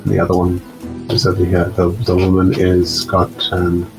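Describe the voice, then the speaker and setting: A man narrating a tabletop game as game master, halting with many fillers. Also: low-pitched, monotone, music in the background, rough recording.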